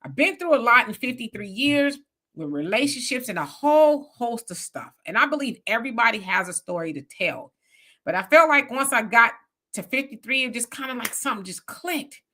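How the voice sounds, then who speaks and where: A woman in her fifties chatting casually on a panel show, blunt and lively, and she often slips into quoted voices. Her voice is bright and forceful and sits a little high. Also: normal speed. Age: 50s. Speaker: panel guest. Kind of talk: casual chat.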